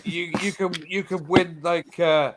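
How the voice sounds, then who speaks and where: A man in loose, casual chat, spinning a rambling complaint full of restarts and swearing. His voice sits a little higher than most men's. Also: steady tone, a little slow, background noise. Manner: rambling storyteller, heavy swearing, many restarts.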